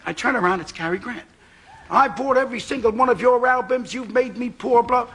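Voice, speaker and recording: High, bright-voiced New man spinning a yarn. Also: fairly quick, husky. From New York. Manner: animated, repeats for laughs. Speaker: talk show guest. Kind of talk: comic anecdote. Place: TV studio with audience.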